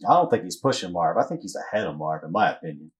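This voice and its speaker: A man's voice: low-pitched, very animated, quick pace, slightly rough. A man hosting a casual sports podcast, easygoing and joking as he runs through game recaps. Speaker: podcast host.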